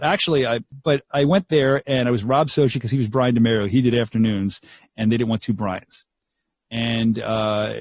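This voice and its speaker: A man's voice: medium pitch, husky, no echo. A young man, a radio DJ telling stories animatedly in an interview. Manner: animated, acts out quotes, laughs often. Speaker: radio DJ guest. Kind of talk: storytelling interview.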